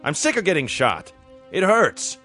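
A man's voice: on the high side, wildly swooping pitch, unhurried, sharp tone, soft background music, heavily acted. A man playing a tired middle-aged masked-hero father in a comedy sketch, coaxing and matter-of-fact.

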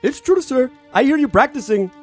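A man's voice: very high-pitched, expressive, normal speed, soft background music. A man playing a humble, devoted manservant who lives in a cave, formal and deferential. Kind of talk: comedy sketch acting.

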